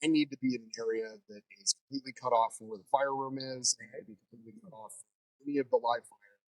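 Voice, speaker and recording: A man who teaches fire training, telling stories in a casual interview in a lively way. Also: medium pitch, fast, dry recording, low-quality recording. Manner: animated storyteller.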